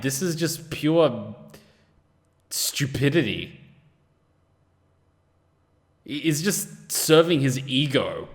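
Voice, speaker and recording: A man hosting a casual anime reaction, exasperated and quick to swear. His pitch swings widely as he fires off rhetorical questions, and his voice rings with a long reverb. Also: a bit bright.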